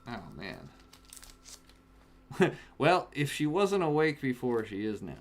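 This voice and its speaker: A man casually chatting on a home stream while opening card packs, breaking into excited shouts over good pulls. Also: medium pitch, takes it slowly. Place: home, in Alaska. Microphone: webcam setup.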